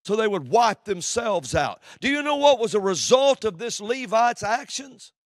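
A man preaching a sermon from the pulpit, swinging between loud declarations and hushed, low passages. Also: big pitch swings, normal speed, dry recording, studio quality.

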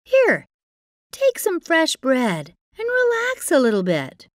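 A woman's voice: huge pitch swings, takes it slowly, dry recording, studio quality, exaggerated voice. Woman doing a harsh scheming stepmother. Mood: falsely sweet. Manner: harsh and bossy, low scheming tones when plotting.

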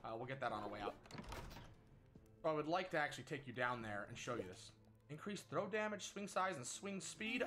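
Excitable male gameplay host, slightly high voice, lively delivery. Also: fairly quick. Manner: excitable, frequent exclamations, self-talk. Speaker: gaming channel host. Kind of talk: casual gameplay commentary. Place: at home. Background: game music.

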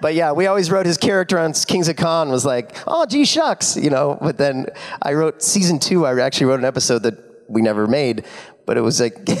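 A middle-aged man telling laughing anecdotes as an actor on a convention panel. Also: on the high side. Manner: animated, laughing, full of impressions. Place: convention stage.

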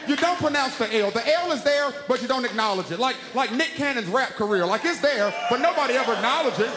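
A man's voice: very high voice, fairly bright tone. A man doing a stand-up routine, ranting with exasperated punchlines. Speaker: stand-up comedian. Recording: live hall with noise.

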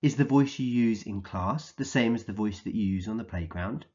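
A man teaching a recorded vocabulary lesson for young children, speaking slowly and clearly in an encouraging way and acting out the words he defines. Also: fairly low pitch, mellow, dull audio. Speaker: early years teacher.

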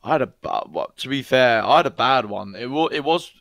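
Animated young guy. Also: mid-range voice, fairly quick, gravelly. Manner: animated, excitable, acts out voices. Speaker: podcast co-host. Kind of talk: casual storytelling chat.

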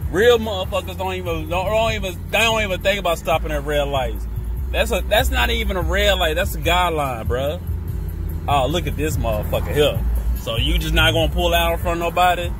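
A man's voice: on the high side, a little fast, music in the background. A man driving home from work, trash-talking passersby in profane, joking commentary from inside his vehicle. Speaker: vlogger. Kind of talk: casual comedic commentary while driving.

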